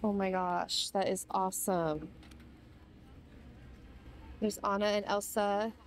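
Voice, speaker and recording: Young woman vlogger, bubbly and excitable, talking through a shopping walk-through in a large store. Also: mid-range voice, slow. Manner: gushing, gasping with delight. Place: inside a large retail store.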